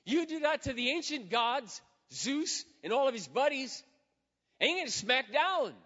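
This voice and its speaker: A man in his fifties preaching a sermon as pastor, dramatic and swinging from loud to hushed, acting out quoted prayers. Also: extremely high pitch, sing-song, normal speed. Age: 50s. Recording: dull sound with long hall reverb.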